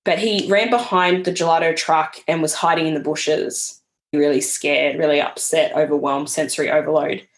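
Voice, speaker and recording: A young adult woman appears as a guest in a casual conversational podcast interview, telling stories in an earnest, reflective way. Her voice sits low, with a steady tone and a normal speed.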